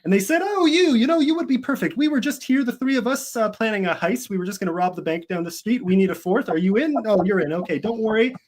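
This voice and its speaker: A man putting on the voice of a mischievous old man who teases strangers, in a high mock-innocent tone. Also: lively intonation, fast talker, hardly any pauses, a little mellow. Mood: teasing. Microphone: video call.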